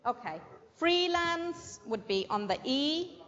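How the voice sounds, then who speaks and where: A woman teaching an English vocabulary and pronunciation lesson, slowly stressing syllables and checking in with "okay?". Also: high-pitched, very animated, a bit bright. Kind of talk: classroom language lesson. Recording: muffled with long hall reverb.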